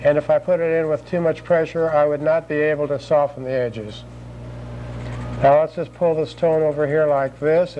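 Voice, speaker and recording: Calm man demonstrating drawing technique. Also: fairly high pitch, slight background noise, poor audio. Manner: calm, repetitive narration of each stroke. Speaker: drawing instructor. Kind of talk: step-by-step art demonstration.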